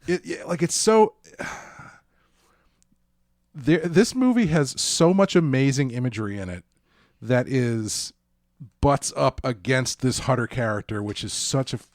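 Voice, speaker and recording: A man co-hosting a casual film podcast, talking in halting bursts with restarts and dry jokes. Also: medium pitch, animated, a little mellow, no room sound. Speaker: podcast co-host.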